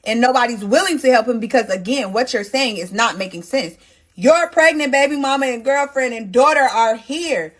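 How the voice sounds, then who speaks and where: A woman vlogger shares a personal story with her viewers, casual, emotional and animated, often speaking straight to them. Her pitch is fairly high and her pace moderate.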